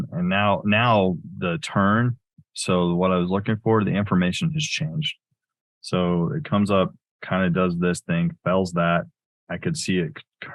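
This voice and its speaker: A man's voice: sits low, no room sound, rough recording. A man giving live commentary on his trades as he makes them, thinking aloud in a loose way that corrects itself as he goes.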